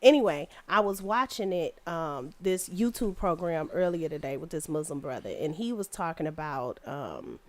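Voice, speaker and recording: Blunt, profane woman, slightly low voice. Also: lively intonation, normal speed, hardly any pauses. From Detroit. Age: adult with kids. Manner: blunt, profane, laughs easily. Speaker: podcast co-host. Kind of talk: casual chat.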